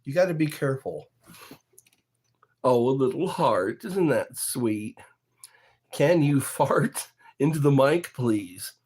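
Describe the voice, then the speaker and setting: Slow and a little mellow, this man's mid-range, expressive voice drifts through long pauses during a casual livestream chat. He jokes around, reads comments to his viewers, and frequently laughs at his own gags.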